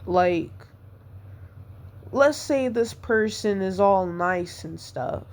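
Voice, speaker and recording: Slow-talking hurt woman venting. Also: medium pitch, lively intonation, a little mellow. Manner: hurt, rambling, repeats herself. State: upset, devastated. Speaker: podcast host. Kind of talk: personal venting monologue.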